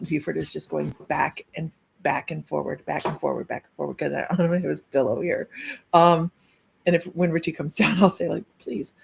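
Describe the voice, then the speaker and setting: A middle-aged woman giving a live-streamed psychic reading, chatty and rambling with many pauses and restarts. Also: on the low side, vocal fry. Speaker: psychic medium.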